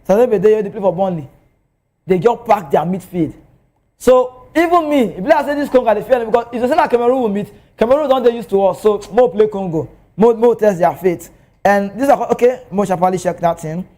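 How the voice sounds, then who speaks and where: Man, Nigerian accent, football commentary, high voice, lively, excitable. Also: fast talker. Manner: animated, excitable, swings pitch. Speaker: football pundit. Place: TV studio.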